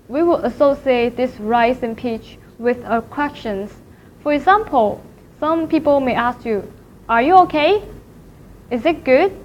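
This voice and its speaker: Woman teacher drilling syllables slow and careful, faint hiss under a muffled recording. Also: high-pitched. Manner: slow, careful, repeats each syllable to demonstrate tones. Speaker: language teacher. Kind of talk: recorded lecture. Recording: dull lo-fi recording with faint noise.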